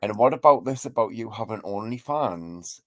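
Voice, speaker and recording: A man's voice: lowish voice, animated, moderate pace, a bit bright, no echo. A man hosting a live stream, ranting and trading insults in a mocking gossip style, laughing often.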